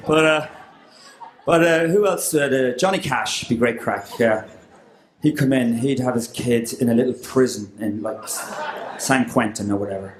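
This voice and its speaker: A man's voice: medium pitch, normal speed, reverberant, a faint crowd, a little hiss or hum. An Irish man doing a stand-up set with a guitar, talking in a loose, rambling way full of fillers. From Ireland. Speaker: stand-up comedian.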